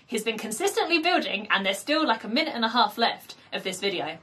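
Excitable woman vocal coach, lively bright voice, breaks into little sung demos while she explains. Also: a little high, fairly quick, hardly any pauses. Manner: enthusiastic, explains technique with sung demonstrations. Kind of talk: reaction with vocal analysis.

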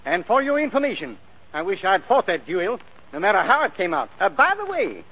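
A man's voice: high-pitched, wildly swooping pitch, brisk, slightly rough, exaggerated voice. A man playing a formal, hesitant opera house manager in a 1940s radio drama. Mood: stiff. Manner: formal, hesitant, says sir often. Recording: muffled old radio recording.

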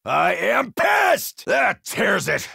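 Gravelly loudmouth marine for a shooter game, bright edgy voice, bouncy swings up and down, dry studio sound. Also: male voice, medium pitch, big pitch swings, measured pace, no echo, exaggerated voice. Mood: gung-ho. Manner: brash, shouty wisecracking. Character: brash gruff male American marine, middle-aged, cocky and crude. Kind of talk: video game voice lines.

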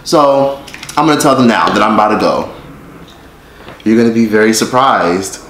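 A man's voice: lowish voice, moderate pace, fairly bright tone. Profane joking vlogger man. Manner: profane, joking, talks to viewers directly. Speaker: YouTuber vlogger. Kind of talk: casual vlog to camera. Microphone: phone held by hand. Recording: echoey room, faint noise.

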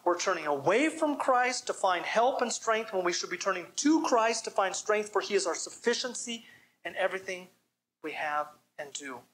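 A man's voice: high voice, animated, normal speed, a bit bright, slight background noise. A man giving a church sermon as pastor, preaching with emphasis and asking the listeners direct questions. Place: church service.

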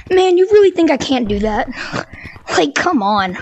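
A woman's voice: sits high, sing-song, measured pace, a little hiss or hum. A woman giving casual, jokey commentary while playing an active VR game, a little out of breath. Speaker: gamer streaming VR gameplay.

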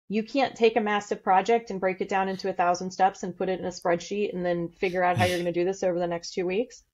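A woman's voice: lowish voice, darkish tone, lo-fi sound. A middle-aged woman from St. Louis, a podcast guest speaking in a blunt, candid way. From St. Louis, USA. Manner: blunt, candid and fast-talking. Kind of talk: casual interview talk.

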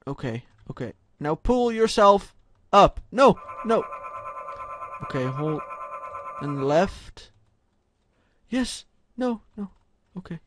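High-voiced man in frustrated game commentary. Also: sing-song, slow. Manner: frustrated, swings from muttering to shouting. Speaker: gaming commentator. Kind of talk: let's play commentary.

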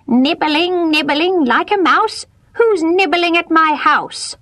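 A woman voicing a wicked old witch in a storybook reading, shrill, gloating and slyly coaxing. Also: slow, very noisy. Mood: sweetly coaxing.

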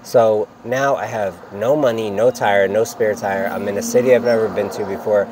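A young man telling a storytime in a casual, animated way, acting out the quotes and laughing between lines. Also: on the low side, normal speed, noisy background.

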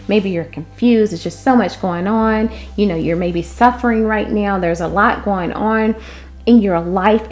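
A woman delivering a prophetic word in an impassioned way, moving between loud declarations and hushed asides. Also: mid-range voice. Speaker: prophetic minister.

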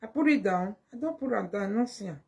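A woman with a Nigerian accent delivering a mocking, scolding monologue to camera, slipping into Pidgin and breaking into loud exclamations. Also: mid-range voice, lively intonation, a little fast, husky. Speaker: vlogger. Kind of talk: casual direct-to-camera monologue.

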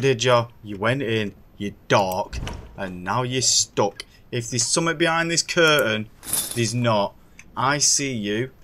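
A man's voice: medium pitch, fairly bright tone, slight background noise. A man commentating a horror game as he plays, jumpy and swearing, talking to himself with sudden yelps. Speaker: gaming streamer.

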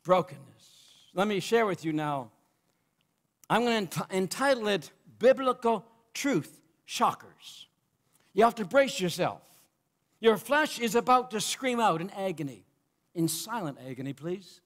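Male preacher, very high pitch, fervent sermon delivery with loud and soft swings. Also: animated, a little slow. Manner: impassioned, swings between loud cries and quiet asides.

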